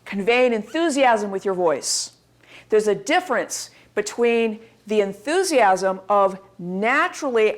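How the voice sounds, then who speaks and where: A woman in her forties giving a recorded course lecture, lively and demonstrative. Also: mid-range voice, takes it slowly. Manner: lively, demonstrative, acts out examples in varied voices. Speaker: instructor.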